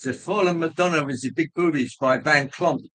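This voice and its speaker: Chatty man with a higher voice. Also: a bit bright, low-quality recording. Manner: rambling, jokey, pauses with ums. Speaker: livestream host. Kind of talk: casual chat with viewers.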